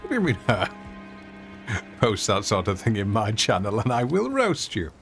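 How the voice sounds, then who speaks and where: Playful man giving lively game commentary. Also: on the low side, normal speed, faint music behind. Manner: playful, self-mocking, chatty, with laughs. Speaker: streamer playing a video game. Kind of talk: casual gameplay commentary.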